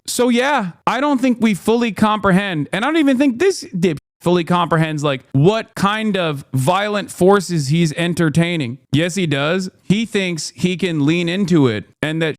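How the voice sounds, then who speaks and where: A man streaming casual political commentary, reacting to clips in a blunt, incredulous, animated way. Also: high voice, no room sound, clean studio sound.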